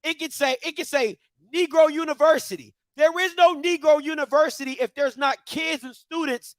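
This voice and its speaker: A man's voice: extremely high pitch, fairly bright tone, dry recording. A man hosting a commentary show, ranting passionately with repeated rhetorical questions and mocking voices of others. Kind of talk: passionate opinion rant.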